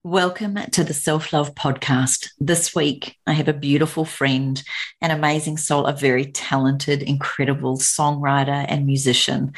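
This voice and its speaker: A woman hosting an interview podcast, gushing and full of compliments for her guest. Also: low-pitched. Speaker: podcast host.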